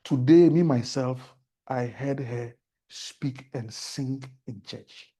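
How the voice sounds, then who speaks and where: A Ghanaian man speaks as a talk-show guest, turning his stories into earnest preaching about faith. His voice is mellow and soft, with a slight husk to it. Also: mid-range voice, slow, slightly rough.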